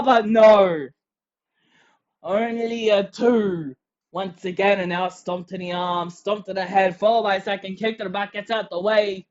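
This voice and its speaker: A wrestling commentator calling a match play-by-play, excitable and shouting on the big moves. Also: medium pitch, measured pace, muffled recording.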